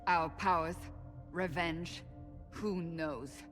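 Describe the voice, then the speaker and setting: A woman's voice: lowish voice, fairly even intonation, very slow, fairly bright tone, faint music behind. An actress playing a proud, stern woman warrior who speaks in a firm, commanding way. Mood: tense. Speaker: warrior companion. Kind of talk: video game voice acting.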